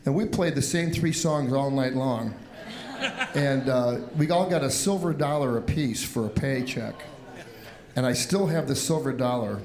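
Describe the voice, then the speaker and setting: An older man from the Cleveland area recalls his early days as a musician. He talks in a relaxed interview style and acts out what people said as he goes. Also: mid-range voice, moderate pace. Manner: animated storyteller, acts out quotes. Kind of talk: storytelling interview.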